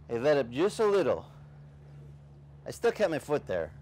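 A man's voice: normal speed, pauses often, a little hiss or hum. A male pastor telling a personal story in a sermon, acting out the voices in it. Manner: animated storyteller, acting out voices with big pitch swings. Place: beach service outdoors.

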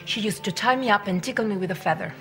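A woman's voice: mid-range voice, fast talker, music in the background, close to an everyday voice. An actress playing a friendly, lonely Italian woman with an Italian accent, chatting earnestly at a dinner party in a sitcom.

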